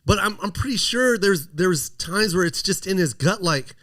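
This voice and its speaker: A man talking with real heat in an interview, his voice sitting a little high for a man. He hammers the same questions again and again and swears when he gets worked up. It sounds like an emphatic conversational rant. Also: lively intonation, moderate pace, bright, forceful tone. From United States. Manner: emphatic, indignant, repeats himself, swears. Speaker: comedian guest.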